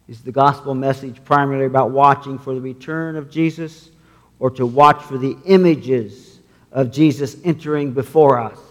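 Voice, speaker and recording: Slow-spoken male pastor in a reverberant sanctuary. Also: fairly high pitch. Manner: measured, scripture-reading. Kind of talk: sermon.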